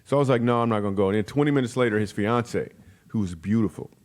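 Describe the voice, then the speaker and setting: A man, a comedian guest, telling a comic story in a podcast interview with animated, punchy delivery and quick character voices. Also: fairly low pitch.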